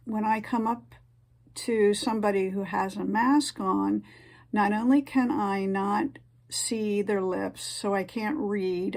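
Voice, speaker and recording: A woman talking in a casual explanatory vlog, earnest and plain-spoken, often pausing on fillers and restarting her sentences. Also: mid-range voice, darkish tone. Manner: halting, many fillers and restarts. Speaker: vlogger giving advice.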